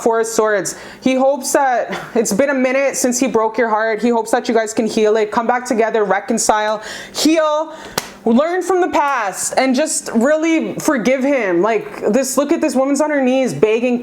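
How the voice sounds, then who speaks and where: A young woman doing a pick-a-card tarot reading, her voice sitting a little high. She gushes and talks in slang, swears freely and speaks straight to her viewers as "you guys.". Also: darkish tone. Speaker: tarot reader.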